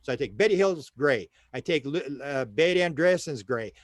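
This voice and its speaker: An older man, a guest in an interview, telling stories in an animated way and often repeating words while he searches for the next one. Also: a little high, normal speed, no echo, studio quality. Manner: animated storyteller who acts out quoted dialogue. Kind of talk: storytelling in a casual interview.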